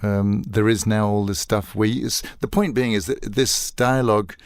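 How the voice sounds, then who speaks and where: An older man speaks in a deep, low register. He tells stories animatedly in a casual interview, often acting out quoted lines. The recording is close and dry, with no room sound. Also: steady tone, normal speed, clean tone, dry recording. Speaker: voice actor guest.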